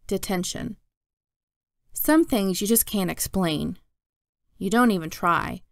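A woman reading a children's novel aloud in a steady, plain narrating voice. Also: mid-range voice, takes it slowly, gravelly, no echo, studio quality. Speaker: storyteller.

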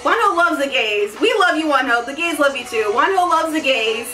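A woman's voice: sits high, lively intonation, moderate pace, music in the background. A woman vlogger giving a giddy, gushing reaction commentary, laughing often and crying out.

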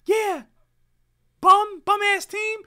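A man putting on a squeaky, high falsetto voice to play a trash-talking young male gamer. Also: steady tone, drawn-out words, sharp tone, heavily acted. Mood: taunting.

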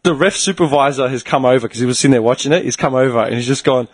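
A man's voice: mid-range voice, very fast, few pauses. A man hosting a podcast, telling a long story in casual chat, swearing and acting out the people in it. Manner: animated, swearing, acts out the people in his story. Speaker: podcast host.

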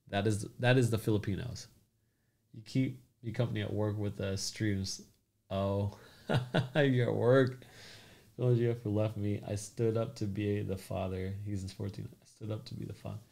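Creaky-voiced man hosting a chatty stream. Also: on the low side. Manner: loose, joking, greets commenters by name. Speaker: crypto livestream host. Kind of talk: casual livestream chat reading comments.

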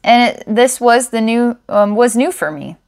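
A woman's voice: on the high side, expressive, normal speed, a little mellow. A young adult woman, a psychic reader, talking casually and thinking aloud as she gives an online reading. She is enthusiastic and laughs often.

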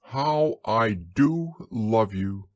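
A calm, kindly young boy as a man reads him out in a bedtime storybook. He talks gently and evenly. The voice sits slightly raised, with a husky, dry closeness. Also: on the low side, extremely slow, no echo, dull audio, heavily acted. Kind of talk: storybook reading.

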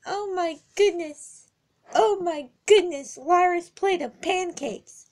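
A woman voicing a frantic young pony girl in a homemade toy skit, with shrill, pleading wails. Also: takes it slowly, darkish tone, a little hiss or hum. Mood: wailing.

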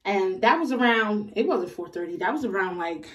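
A young woman vlogger telling a casual storytime in an animated, slangy, exasperated way. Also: medium pitch, normal speed, far from the mic.

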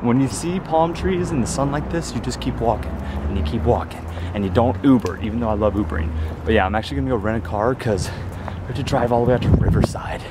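A man's voice: medium pitch, fast, noisy background. A young man vlogging casually while walking down a city street, upbeat and rambling.

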